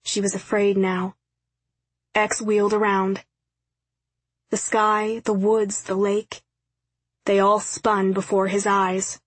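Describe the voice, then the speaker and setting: A woman narrating an audiobook in a steady, measured reading. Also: mid-range voice, no echo, rough recording. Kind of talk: scripted narration.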